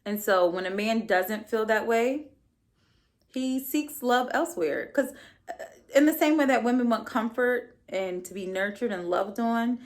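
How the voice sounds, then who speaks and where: A woman's voice: on the high side, unhurried. A young adult woman hosting her own podcast, giving a casual solo recap in a sassy, blunt and profane way with playful asides. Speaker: podcast host.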